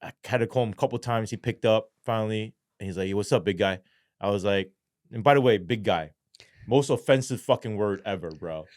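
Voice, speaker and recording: A man's voice: on the low side, fairly quick, dry recording, studio quality. A middle-aged man, a former police sergeant, telling his story as an interview guest, swearing often and acting out the dialogue. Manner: profane, animated, acts out quoted dialogue.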